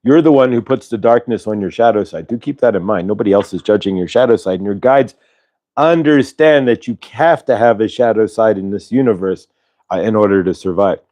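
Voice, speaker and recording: A man hosting a casual spiritual livestream, reading cards and talking in a rambling, halting way with many fillers and restarts. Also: fairly low pitch, mellow. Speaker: channeler and show host.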